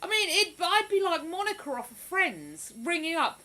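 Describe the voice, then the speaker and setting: A woman's voice: extremely high pitch, sing-song, moderate pace, hardly any pauses, pushed and bright, poor audio. A woman hosting a livestream, chatting casually and reading out viewer comments with frequent exclamations. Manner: chatty, exclamatory, lots of "ooh". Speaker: livestream host.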